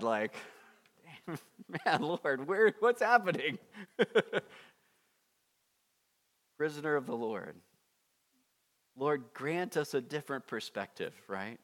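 Guy preaching a sermon, chatty and lively, voice jumps up high when he gets into it. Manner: conversational, animated, with laughs and asides. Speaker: pastor. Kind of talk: expository sermon.

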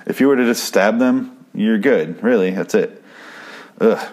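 Low-pitched man, podcast host, casual recap, swears a lot, rambling, restarts sentences. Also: unhurried, a little mellow. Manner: profane, rambling, frequent restarts.

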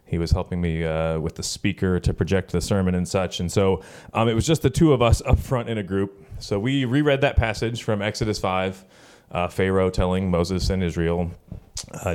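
A man in his thirties, a pastor preaching a sermon in a relaxed, storytelling way with many fillers. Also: on the low side, unhurried, smooth. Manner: conversational storytelling with frequent fillers. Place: church gathering.

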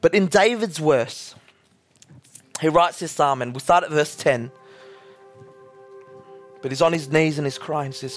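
High-voiced young male preacher. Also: moderate pace, pauses often, soft background music. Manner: casual storytelling with acted-out quotes. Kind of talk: sermon.

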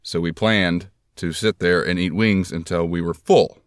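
Male podcast host, deep voice, self-deprecating storyteller, dry close mic. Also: steady tone, measured pace, smooth, no echo. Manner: rambling, self-deprecating, jokey.

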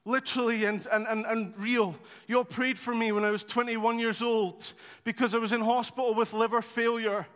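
A man preaching a sermon, telling stories in an animated, conversational way with touches of humour. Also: very high-pitched, normal speed, few pauses, clean tone. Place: church hall. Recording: long hall reverb.

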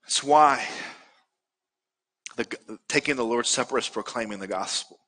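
A man's voice: medium pitch, normal speed, bright, forceful tone, long reverb tail. A male pastor preaching a sermon earnestly, building to emphatic peaks.

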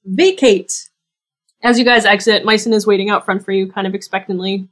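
A woman narrating as game master of a tabletop game, relaxed and often laughing. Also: mid-range voice, quick pace, slight background noise. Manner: relaxed, giggly storytelling.

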